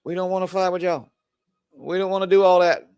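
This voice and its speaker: A man's voice: sits high, fairly even intonation, brisk, a little mellow, smooth, dry recording, studio quality. A male relationship coach talking casually to his viewers, rambling and often laughing. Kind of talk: casual livestream talk to viewers.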